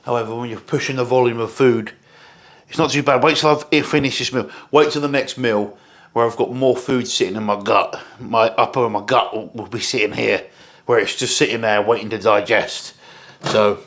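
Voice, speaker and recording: A man's voice: medium pitch, moderate pace, fairly bright tone. A young man vlogging casually about his meals, chatty and rambling, with casual swearing. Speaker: fitness vlogger. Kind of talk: casual chat to camera.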